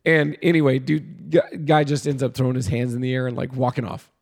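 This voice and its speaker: Telling a laid-back story about coaching kids' baseball, this man is lively and laughs frequently, growing loud whenever he replays the shouting. He speaks at a medium pitch, fairly quickly, with some vocal fry.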